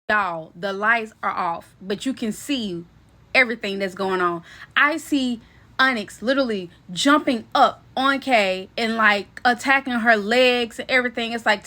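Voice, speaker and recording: Animated, slangy young woman telling a story. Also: high-pitched. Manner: animated, slangy, addresses viewers as "y'all" and "baby"; swears freely and laughs while telling the story. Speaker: vlogger telling a personal story. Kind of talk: casual storytime chat.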